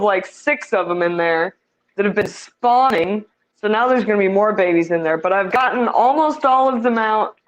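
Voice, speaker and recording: A woman's voice: medium pitch, dull audio. Chatty woman touring her fish tanks. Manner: chatty, self-deprecating, laughs easily. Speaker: fish breeder giving a tank tour. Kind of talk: casual tour chat. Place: home fish room with many tanks.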